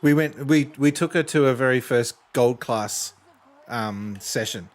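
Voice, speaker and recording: A man's voice: medium pitch, a little slow. A man chatting on a gameplay stream, telling stories in a wry, joking way. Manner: wry, jokey storyteller. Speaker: streamer co-host. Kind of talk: casual chat during a gameplay stream.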